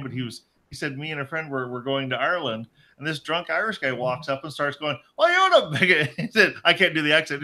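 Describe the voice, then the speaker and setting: A man co-hosting a casual podcast, telling stories loudly with lots of swearing and laughter. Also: a little high. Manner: loud, profane, laughing storyteller. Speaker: podcast co-host. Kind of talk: casual crude podcast banter.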